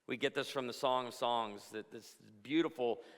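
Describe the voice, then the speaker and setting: A man's voice: medium pitch, steady tone, normal speed. A middle-aged male pastor giving a humorous, storytelling conference talk to a crowd. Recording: long hall reverb.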